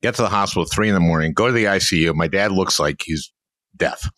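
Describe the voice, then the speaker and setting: A man's voice: low voice, fast, a bit bright, no echo. A man in his seventies from Minnesota, a podcast host telling wry stories in casual chat. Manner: wry storyteller.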